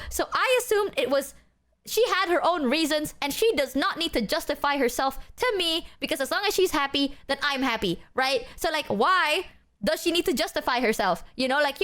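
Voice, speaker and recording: A young woman streams and chats casually with her viewers, her voice sitting high. She rants in an animated way and swears freely as she talks.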